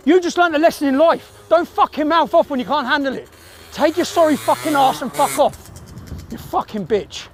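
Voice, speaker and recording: A man's voice: extremely high pitch, normal speed. A man with an aggressive, swearing manner, confronting a stranger outdoors on a phone camera. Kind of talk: heated street confrontation. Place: outdoor car park.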